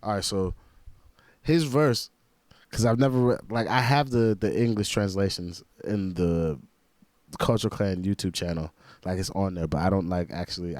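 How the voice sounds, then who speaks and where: A man's voice: low-pitched, darkish tone, no room sound. A man casually chatting through a reaction video, laid-back and slangy, full of "like.". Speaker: reaction video host and rapper.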